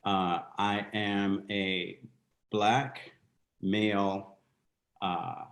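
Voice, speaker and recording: A man in his fifties from the United States, introducing himself on a video call in a soft, halting, storytelling way. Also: on the low side, flat delivery. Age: 50s. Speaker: guest dancer. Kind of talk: casual video-call interview. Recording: roomy echo.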